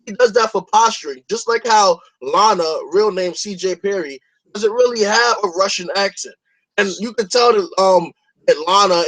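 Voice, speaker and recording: A high-pitched male podcast host in a loose, casual chat. He rambles through his opinions with plenty of swearing, restarting sentences as he goes. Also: fairly bright tone, rough recording.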